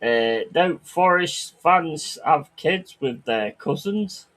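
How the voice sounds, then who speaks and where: A man's voice: a little high, animated, takes it slowly, a bit bright. A man chatting on a livestream, reading chat aloud and ranting crudely with lots of swearing.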